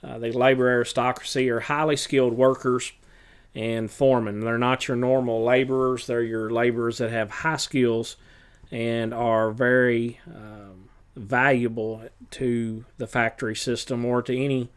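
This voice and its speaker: A male teacher reviews material ahead of an exam in a smooth, clear voice at an ordinary middle pitch. He speaks plainly and matter-of-factly, stopping often on fillers as he works through his list. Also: level tone. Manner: halting, many filler pauses; plain, matter-of-fact instruction. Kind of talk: test review lecture.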